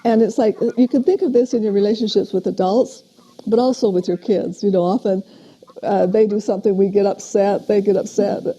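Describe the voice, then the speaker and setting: An older woman, a parent educator, giving a steady, explanatory lecture on parenting in a recorded talk. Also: mid-range voice, fairly quick, slightly rough. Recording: dull lo-fi video playback.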